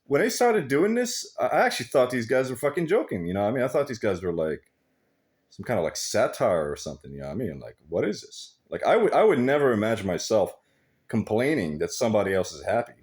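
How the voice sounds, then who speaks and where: A man's voice: medium pitch, very animated, quick pace, darkish tone. A man talking in a casual, rambling vlog monologue, swearing freely and laughing often. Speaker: vlogger.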